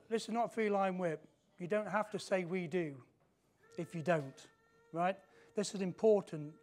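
A British man, a pastor, leading a child dedication in a church service, mixing light jokes with slow, deliberate scripture reading. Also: sits high. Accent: British English. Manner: warm, jokey asides mixed with slow scripture reading.

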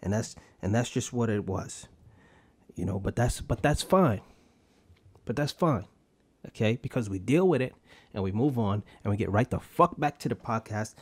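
A man's voice: lowish voice, animated, moderate pace, husky, dry recording. A young man hosting a solo podcast, rambling bluntly with heavy swearing and street slang. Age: young adult. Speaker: podcast host.

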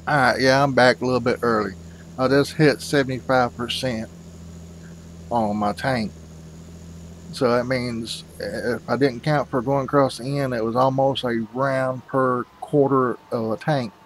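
A man's voice: medium pitch, fairly even intonation, unhurried, a little hiss or hum, poor audio. A man hosting a farming game video, rambling casually and calling his viewers "folks". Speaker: gaming channel host.

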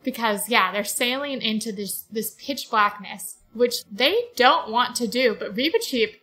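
A woman's voice: fairly high pitch, measured pace, pushed and bright, rough recording. A woman co-hosting a podcast, chatting enthusiastically about a book with lots of 'like' fillers. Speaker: podcast co-host. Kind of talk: casual book discussion.

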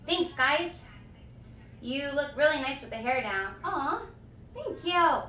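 A young woman streaming live, chatting with viewers and thanking them in a bubbly, gushing way with excited shouts. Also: high voice, slow pace, pauses often, far from the mic, a little hiss or hum. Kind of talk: live stream chat, reading donations. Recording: echoey room, voice a little off-mic.

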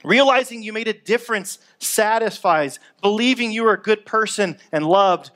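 Male pastor, high voice, chatty upbeat sermon delivery. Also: normal speed, fairly bright tone. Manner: conversational, upbeat preaching with acted-out everyday complaints.

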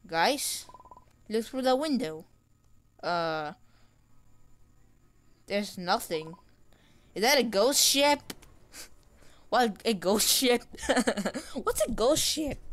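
A woman giving casual gameplay commentary, reading game dialogue aloud in an excitable way. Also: on the high side. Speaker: gamer.

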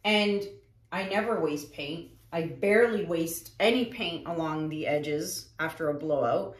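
A woman's voice: low voice, a little slow. Chatty woman artist in an echoey room. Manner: chatty, addresses viewers directly. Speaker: acrylic pour artist. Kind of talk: casual chat while painting.

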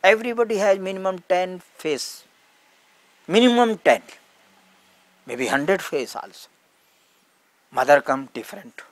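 A man's voice: sits high, expressive, measured pace, pauses often, dry recording. A man giving an earnest spiritual talk in simple, broken English, acting out stories as he teaches. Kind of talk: satsang talk with storytelling.

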